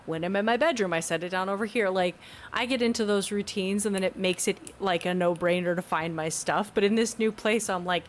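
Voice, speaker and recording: A woman's voice: medium pitch, a little fast, slight background noise. A young woman chatting casually on a live stream from her new home, talking into a desk USB mic without a pop filter. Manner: chatty, rambling, giggly. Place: new home with fan and AC running.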